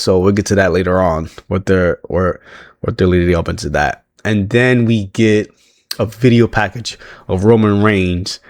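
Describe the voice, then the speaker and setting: Casual male recap host, lowish register, chatty and easily amused, dry close sound. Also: steady tone, moderate pace, no room sound. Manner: chatty, laughs often, frequent restarts. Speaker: wrestling recap reviewer.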